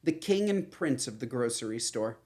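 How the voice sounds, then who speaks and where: Animated rambling woman co-host. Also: a bass voice, moderate pace, a little hiss or hum. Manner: animated, rambling, playful teasing. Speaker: podcast co-host. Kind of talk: casual chat.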